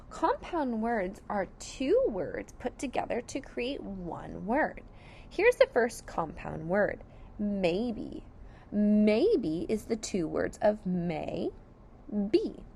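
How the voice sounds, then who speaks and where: Slow, lively-pitched woman teaching phonics. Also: a little hiss or hum. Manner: slow, clear sounding out of words, encouraging. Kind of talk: sight word and phonics lesson for young children.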